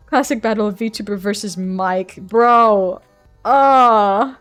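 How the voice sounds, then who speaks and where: A young woman VTuber chatting live with her viewers, excitable, swearing and laughing often, into a desk mic at home. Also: medium pitch, slow pace, faint music behind. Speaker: VTuber streamer. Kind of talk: casual live-stream chat. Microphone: desk microphone.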